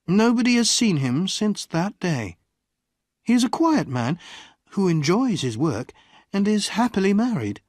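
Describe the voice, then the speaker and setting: A male audiobook narrator reads a simple story slowly and deliberately. His pitch rises and falls widely, and his voice has a slight huskiness. The sound is dry and close to the mic. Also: very animated, dry recording. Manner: slow, deliberate reading with wide swings in pitch. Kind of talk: graded-reader storytelling.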